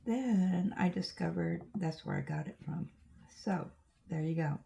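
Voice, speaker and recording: A woman's voice: fairly low pitch, a little slow, vocal fry, mellow. An older woman with an Oregon accent, chatting casually and rambling through stories while she works on a craft. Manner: rambling, chatty storytelling with asides. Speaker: crafting vlogger. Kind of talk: casual chat while diamond painting.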